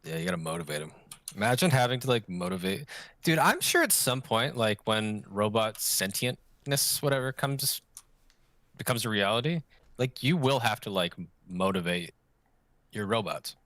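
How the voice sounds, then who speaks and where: Man, podcast co-host, animated rambling talk, fairly low voice, dry sound. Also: normal speed, no room sound. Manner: rambling, joking, puts on silly voices. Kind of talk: casual chat. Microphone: online voice call.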